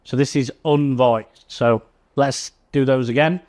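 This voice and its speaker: A man teaching English pronunciation, slowly repeating example words with clear emphasis. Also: mid-range voice. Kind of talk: slow, careful pronunciation lesson.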